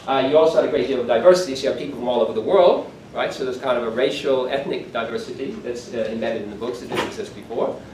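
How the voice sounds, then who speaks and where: A man's voice: mid-range voice, fast talker, few pauses, a little mellow, a little hiss or hum. A man in his sixties giving a conference keynote lecture, talking conversationally with self-deprecating asides. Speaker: keynote speaker. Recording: echoey hall from far off, faint room ambience.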